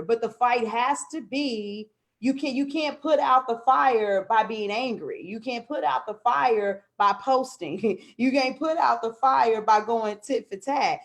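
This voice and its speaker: A woman's voice: fairly high pitch, a little slow. A woman hosting a live podcast, talking in a fervent, preachy way and repeating words when she gets fired up. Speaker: podcast host. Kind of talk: live-streamed podcast talk. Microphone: live stream on a video call.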